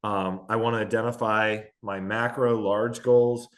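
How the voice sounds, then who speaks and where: A man's voice: fairly low pitch, level tone, unhurried. A man in his forties, a veteran endurance athlete, telling candid, self-deprecating stories in a casual interview, with many fillers. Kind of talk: casual storytelling in a podcast-style interview.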